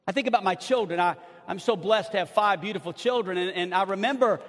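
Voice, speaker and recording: A middle-aged man preaching a sermon as pastor, impassioned, swinging between loud outbursts and hushed asides, with stammered restarts. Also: sits high, quick pace. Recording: long hall reverb.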